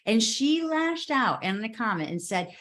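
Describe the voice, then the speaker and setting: A woman guest speaker telling a story in a casual live video chat, animated and emphatic, with quick asides. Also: a little high.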